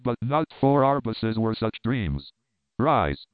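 A man narrates a classic novel in a measured, formal manner. His voice is clear and smooth, but the sound is narrow and tinny, like a phone line, and completely dry. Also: medium pitch, no room sound. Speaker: audiobook narrator.

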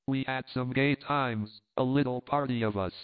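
A man's voice: medium pitch, fairly even intonation, moderate pace, clean tone, natural voice. A man reading aloud, voicing a flirtatious foreign countess who speaks broken English with a foreign lilt, heard through a tinny phone-like sound. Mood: tender.

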